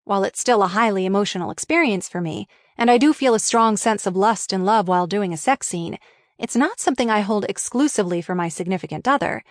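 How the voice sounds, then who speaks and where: A woman's voice: mid-range voice, fast, dry recording, clean studio sound. A woman reading her own memoir aloud for an audiobook, in a frank, wry and candid way.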